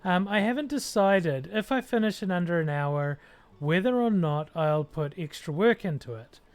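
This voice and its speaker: Here the Kiwi streamer paints miniatures and chats in a relaxed way, filling pauses in thought with frequent ums. The mid-range voice is lively and moves at a normal speed.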